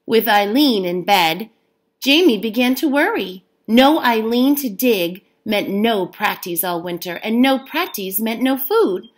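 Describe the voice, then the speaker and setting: A woman's voice: a little high, lively intonation, a little slow. A woman reading a storybook aloud as a teacher, giving the characters their own voices.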